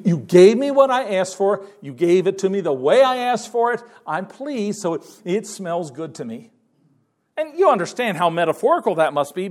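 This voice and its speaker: A man preaching a conversational sermon to his congregation in church, with frequent restarts and fillers. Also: high voice. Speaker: pastor.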